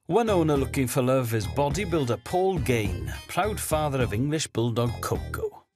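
A woman giving scripted documentary narration in a lively, lightly wry way. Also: rumbling low, normal speed, music in the background.

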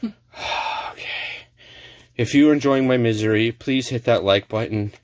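A man's voice: medium pitch, unhurried, dry recording. A man hosting a casual card-opening video at home, talking in theatrical, emphatic bursts. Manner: loud, theatrical outbursts in spurts. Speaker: card-opening channel host. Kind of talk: casual pack-opening banter. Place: home apartment.

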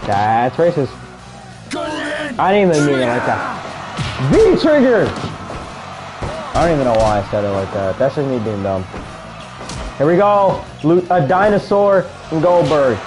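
A young man casually commentating a video game he is playing, calling moves with excitement, shouting at big moments and muttering asides to himself. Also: medium pitch, moderate pace, music in the background. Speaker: gaming video creator.

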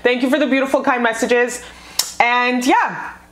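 A woman's voice: on the high side, fairly even intonation, moderate pace. Bubbly, foul-mouthed woman tarot reader. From North America. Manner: bubbly, profane, gushing. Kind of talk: casual tarot reading vlog. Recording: echoey room.

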